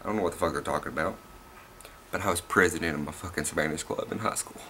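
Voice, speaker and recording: A man's voice: sits low, brisk, long pauses, bright, forceful tone, breathy edge. Profane rambling Southern man vlogger. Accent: Southern US, Tennessee. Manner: rambling and profane, laughs at himself. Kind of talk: casual vlog rant.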